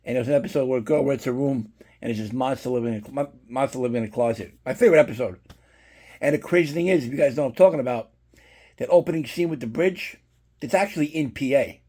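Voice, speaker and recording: With a dark, mellow, husky voice at medium pitch, a middle-aged man talks fast and loosely to his viewers. Relaxed and conversational like a regular vlogger presenting his collection, he swears freely and rambles into side stories throughout the casual unboxing chat.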